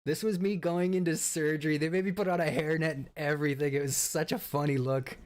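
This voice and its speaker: A man's voice: a little high, fairly even intonation, a little fast, a little mellow. A man around thirty giving a casual, rambling stream update, swearing often and laughing at his own stories.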